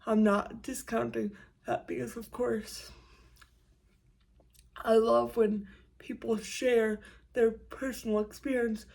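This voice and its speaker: A young woman vlogging at home, talking quietly because of roommates, congested, stumbling and restarting words often. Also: fairly high pitch, flat delivery, vocal fry, poor audio. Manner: speaks quietly so roommates won't hear; halting, frequent stumbles and restarts. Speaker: YouTube creator. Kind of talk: casual vlog monologue.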